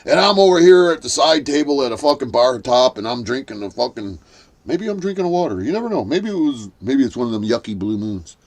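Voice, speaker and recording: A man's voice: mid-range voice, very animated, brisk. A man hosting a commentary stream who rants with sarcasm and swearing and acts out scenes. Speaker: host. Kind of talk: profane drama commentary rant.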